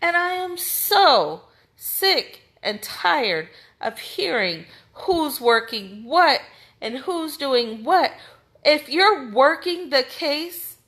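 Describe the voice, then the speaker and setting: A woman's voice: sits high, sing-song, extremely slow, a bit bright. An American woman with a Midwestern accent, speaking out for a missing person's family in an impassioned, indignant rant straight to the camera, repeating her points with emphasis.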